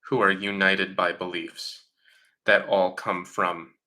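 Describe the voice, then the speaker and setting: A man's voice: low-pitched, little pitch movement, takes it slowly, sharp tone. A man hosting a live question-and-answer stream, talking casually and with strong opinions, often mocking other people in quotes. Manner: opinionated, mocking voices in quotes, frequent fillers. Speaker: livestream host answering chat questions.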